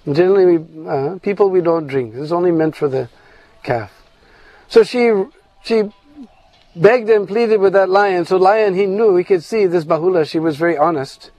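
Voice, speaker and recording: A man telling a devotional story slowly, checking in with his listeners with "hmm?" between phrases. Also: sits high, darkish tone, dry recording, low-quality recording.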